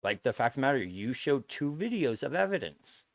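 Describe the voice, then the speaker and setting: A man's voice: medium pitch, big pitch swings, a little fast, no room sound. A man streaming live, talking earnestly and at length to his chat, repeating his points and swearing often. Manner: earnest, lecturing and repetitive, with frequent swearing.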